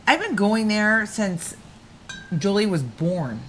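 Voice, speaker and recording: A woman's voice: mid-range voice, slow, slight background noise. A woman co-hosting a casual chat show, telling gossip stories with lots of quoted back-and-forth. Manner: gossipy, animated storytelling with quoted voices. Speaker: co-host.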